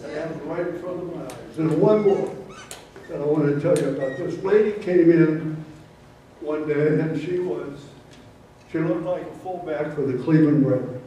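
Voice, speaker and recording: A man telling folksy true stories at a live storytelling event, in a slow anecdotal manner, recorded from far off in a roomy hall. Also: on the high side, mellow, dull audio, slight background noise. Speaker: storyteller, former prosecutor.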